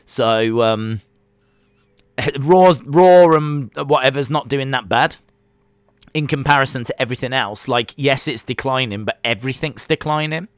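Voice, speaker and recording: A man hosting a live wrestling watch-along stream. He calls the action with excitement, then answers chat questions in a relaxed, rambling way. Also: mid-range voice, a little slow, clear, resonant tone, dry recording, clean studio sound. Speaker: live-stream reaction host.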